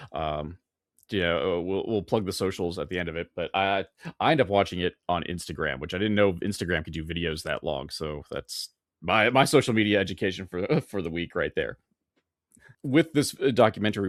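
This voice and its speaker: A man hosting a casual interview, asking rambling, halting questions with many restarts. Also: deep voice, no room sound, clean studio sound. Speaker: podcast host.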